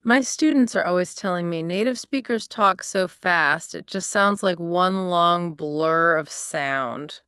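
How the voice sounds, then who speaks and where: A woman's voice: fairly low pitch, takes it slowly, few pauses, bright, forceful tone, clear, resonant tone, dry recording, clean studio sound. A woman co-hosting a podcast English lesson, asking curious, prompting questions. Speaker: English teacher, podcast co-host. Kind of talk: scripted podcast lesson dialogue.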